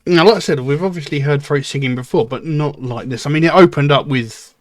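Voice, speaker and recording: A man hosting a music reaction channel, thinking aloud in casual commentary, with many pauses and fillers as he muses over a track. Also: on the high side, no echo, studio quality.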